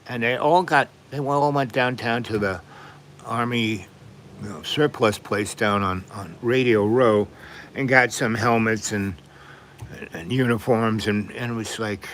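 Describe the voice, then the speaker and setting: A man's voice: mid-range voice, fairly bright tone, slight background noise. Older man rambling through stories. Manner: rambling, frequently clears throat and coughs. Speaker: live stream host. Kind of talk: rambling storytelling.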